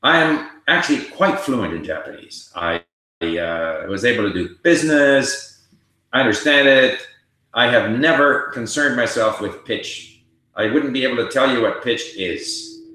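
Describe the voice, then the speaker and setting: A man's voice: mid-range voice, animated, measured pace, sharp tone. A man hosting a casual livestream, reading viewer questions aloud and answering them in a conversational way. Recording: very echoey room.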